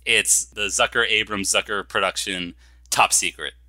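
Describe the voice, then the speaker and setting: A man's voice: lowish voice, fairly even intonation, normal speed, bright, forceful tone, no echo. A man co-hosting a podcast in casual chat, sarcastic and laughing often as he reads quotes with mock gusto. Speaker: podcast co-host.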